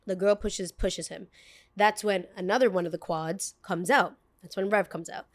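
A woman's voice: medium pitch, steady tone, moderate pace. Chatty young woman telling a podcast story. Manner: chatty, peppered with "like", acts out quoted voices. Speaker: podcast host.

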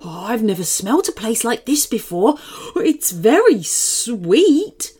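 A woman voicing an eager, guilty young male dog in a storybook reading, talking in a hurried, yappy way. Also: a little high, big pitch swings, mellow, slightly rough, heavily acted. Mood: wondering.

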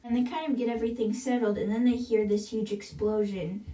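This podcast host speaks briskly in a fairly high, steady, mellow voice. She chats her way through a book's chapters, often quoting with "she's like." There's a roomy echo, and she sounds far from the microphone.

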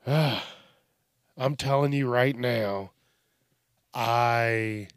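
A man in his thirties with a medium-pitched, clear and resonant voice hosts a solo podcast, dryly recorded on a studio microphone in a small home studio. His talk is rambling and profane, halting with many fillers and restarts.

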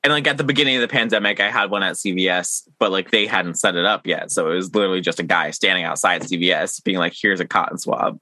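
A man's voice: low voice, fast talker, few pauses, bright, forceful tone, no echo. A man hosting a casual podcast, rambling with fillers and teasing his guest playfully. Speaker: podcast host.

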